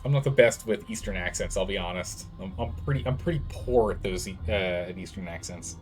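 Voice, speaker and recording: A man's voice: deep voice, brisk, a little mellow, soft background music. A man streaming a video game, chatting casually with viewers and reading game text aloud. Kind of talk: casual let's-play chat with stream chat.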